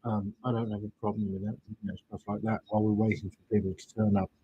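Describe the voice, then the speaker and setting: A man's voice: fairly low pitch, level tone, fast, a little hiss or hum. Chatty man on a lo-fi livestream. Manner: chatty, rambling, greets viewers, swears casually. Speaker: livestream host, witch doing readings. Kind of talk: casual live-stream chat.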